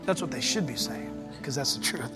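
A man preaching a sermon as pastor, telling stories in an animated way with loud excited bursts. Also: medium pitch, normal speed, big-room sound, over music.

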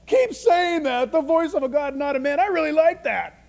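A man's voice: very high voice, expressive, moderate pace, gravelly, a little mellow, voice pushed up, heavily acted. A man doing a preening vain king. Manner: preening, delighted. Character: vain ancient male king basking in praise.

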